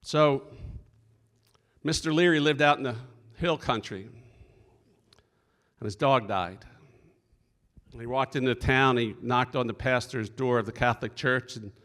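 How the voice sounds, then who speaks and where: A man's voice: mid-range voice, takes it slowly, long pauses, a bit bright. A middle-aged man, a deacon, telling stories in a folksy, earnest sermon at a conference. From Philadelphia area. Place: conference hall stage. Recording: echoey hall.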